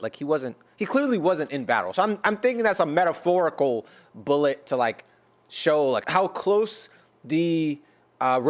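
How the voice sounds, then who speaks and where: An American man giving casual reaction commentary as a YouTuber, rambling and joking with many fillers and restarts. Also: fairly high pitch. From United States.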